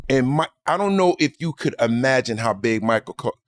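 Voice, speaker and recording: A man who is a guest comedian, telling stories in a lively, laughing way and acting out the people in them. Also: medium pitch, normal speed. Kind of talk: animated storytelling.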